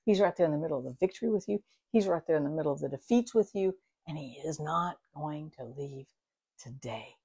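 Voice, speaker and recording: Husky-voiced woman giving an earnest devotional. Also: deep voice, fairly quick. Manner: earnest, expressive, drops to soft whispers. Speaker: devotional host. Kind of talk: morning devotional talk.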